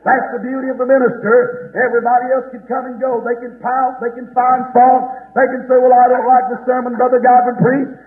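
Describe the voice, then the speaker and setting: A man preaching a fervent sermon in a church, talking straight to people in the congregation and building to loud, drawn-out emphasis. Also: extremely high pitch. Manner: addresses listeners directly in the congregation. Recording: echoey, phone-like lo-fi church recording.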